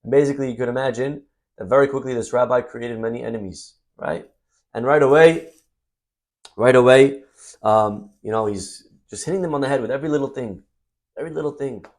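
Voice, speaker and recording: A man giving a Torah sermon as a story, swinging between loud emphasis and soft asides. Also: medium pitch, brisk. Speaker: rabbi teaching Torah.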